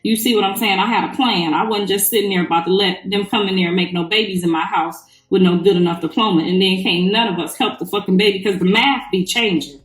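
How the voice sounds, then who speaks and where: A woman's voice: medium pitch, fast talker, few pauses, distant mic. A middle-aged woman ranting bluntly and profanely to her live-stream followers while sitting in the bath. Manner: blunt, profane, heated storytelling. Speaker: livestreamer. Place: bathroom, in the tub. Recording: echoey bathroom, away from the mic.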